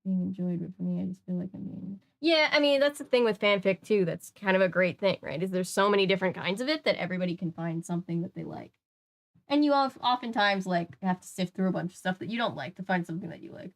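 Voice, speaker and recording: A young woman who hosts a channel reads a kids' mystery book aloud, breaking off for chatty, jokey asides. Her mid-range voice is fast and carries vocal fry.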